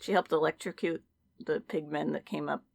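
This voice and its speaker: A woman's voice: low-pitched, steady tone, normal speed, creaky, dry recording. A woman co-hosting a podcast in casual chat, sarcastic and swearing freely. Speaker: podcast co-host.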